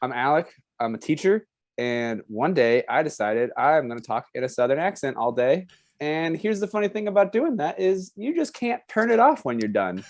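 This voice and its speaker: A man's voice: fairly high pitch, very animated, moderate pace, a little mellow. A man from Iowa, a teacher on a comedy game show, telling a funny story in a wry, laid-back way. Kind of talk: casual storytelling.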